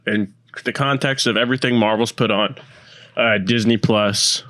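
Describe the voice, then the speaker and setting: Lowish rambling male podcast voice. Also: fairly even intonation, moderate pace, a bit bright, dry recording. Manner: rambling, many fillers. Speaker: podcast co-host. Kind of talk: casual chat.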